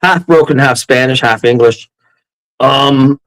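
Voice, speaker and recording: A man telling a ghost story as a podcast guest, animated, laughing often and acting out quotes. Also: on the high side, normal speed, rough recording. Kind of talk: casual storytelling.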